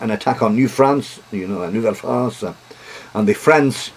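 Halting, husky-voiced male history lecturer. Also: on the low side, darkish tone. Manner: halting, many fillers and restarts.

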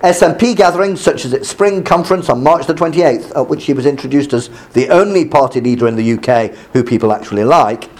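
A man teaching by reading a news article aloud and explaining it, pausing often with fillers. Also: medium pitch, a little mellow. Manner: halting explanations with many fillers between read passages.

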